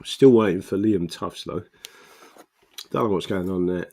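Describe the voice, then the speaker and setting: Gravelly-voiced man rambling on a livestream. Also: deep voice, unhurried. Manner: rambling, animated bursts, mutters while fiddling with the screen. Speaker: political livestream host. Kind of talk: casual livestream chat reading viewer comments.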